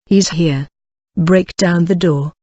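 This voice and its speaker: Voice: mid-range voice, slow pace, a little mellow, dry recording, dull audio. An audiobook reader voicing a terrified but defiant young boy who cries out accusations and calls for help, read from a storybook. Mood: shrieking.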